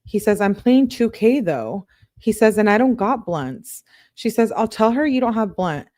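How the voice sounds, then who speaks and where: A woman's voice: medium pitch, lively intonation, normal speed, a little mellow, dry recording, studio quality. A woman true-crime YouTuber reading text messages aloud, with casual commentary in between.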